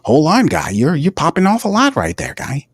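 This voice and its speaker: A man's voice: fairly high pitch, wildly swooping pitch, moderate pace, husky, no echo, studio quality, pitched above the performer's own voice, heavily acted. A man putting on the voice of a blustering, dismissive older football executive.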